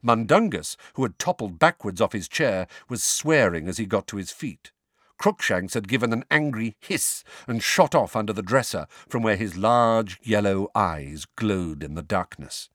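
Male audiobook narrator, low, animated reading, dry close sound. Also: moderate pace, no room sound. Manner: lively expressive reading. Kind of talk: scripted narration.

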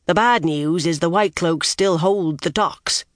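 A reader voicing a gruff, grim one-eyed male soldier who growls, talks bluntly and keeps biting back his curses. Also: mid-range voice, unhurried, dry recording, clean studio sound, close to an everyday voice. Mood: grudging.

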